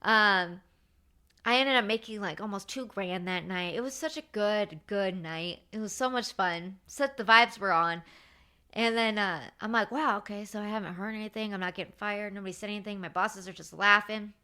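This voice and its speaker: Brief: woman in her thirties hosting her podcast, bright and forceful tone, lively anecdote telling. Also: mid-range voice, normal speed, clean tone. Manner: animated, chatty, with many fillers. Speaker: podcast host. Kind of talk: casual storytelling.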